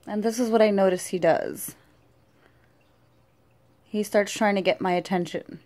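A woman filming a casual vlog at home, talking affectionately to her pet in cooing baby talk that grows soft and hushed. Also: mid-range voice, a little slow. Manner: soft and hushed when petting. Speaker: vlogger and pet owner.

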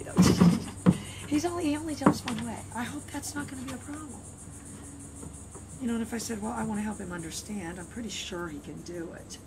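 A woman training her dog and talking casually, chatty and playful, with sing-song repeats. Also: medium pitch. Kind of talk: casual training demo talk. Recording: noisy outdoor recording.

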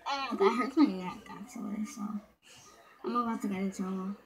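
A woman's voice: mid-range voice, moderate pace, poor audio. A young woman rambling casually to the camera in a bedroom, filming on a handheld phone and using lots of fillers. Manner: rambling, full of fillers like "so" and "yeah". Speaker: vlogger. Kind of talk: casual vlog chat. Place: bedroom indoors.

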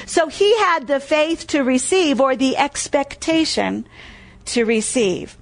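A woman's voice: high-pitched, lively intonation, normal speed. A woman preacher giving a sermon. She tells stories, reads scripture aloud, repeats key phrases for emphasis and quizzes listeners with "what?".

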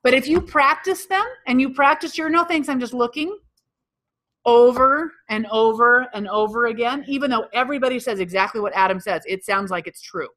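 Upbeat woman workshop coach, bright voice, draws answers from the room and echoes them back. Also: fairly high pitch, fairly quick, hardly any pauses. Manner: energetic, quizzes the room and repeats answers back. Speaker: real estate sales trainer. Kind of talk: live workshop lesson with audience questions. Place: training room with live audience.

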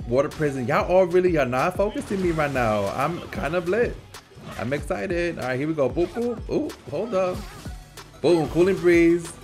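A man narrating his own match live, teasing opponents and laughing as he plays. His voice sits a bit high and swoops widely up and down. Faint game music plays underneath. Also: normal speed. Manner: animated, playful trash talk with frequent laughter. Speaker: gaming channel host. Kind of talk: live gameplay commentary.

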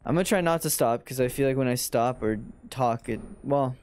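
Gaming commentary comes from a young man on a desk mic who exclaims a lot and pokes fun at himself while he plays. His darkish, mid-range voice runs a little fast, with a little hiss or hum in the audio.

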